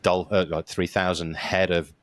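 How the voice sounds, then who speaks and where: Deep-voiced podcast host. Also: male voice, normal speed, no room sound. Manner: relaxed storyteller, swears casually, says mate. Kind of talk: casual interview chat.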